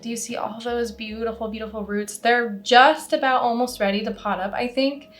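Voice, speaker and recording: A young woman talks in a chatty, rambling way, with a touch of congestion left over from a cold. Her voice sits a little high. She pokes fun at herself now and then, in relaxed vlog chatter. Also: moderate pace, soft background music. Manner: chatty, rambling, self-deprecating. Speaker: plant content creator. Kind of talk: casual vlog talk to camera.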